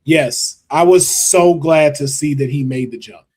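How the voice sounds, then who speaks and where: A man's voice: fairly high pitch, unhurried, darkish tone. A man hosting a podcast, chatting casually and often trailing off and restarting. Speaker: podcast host. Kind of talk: casual wrestling chat.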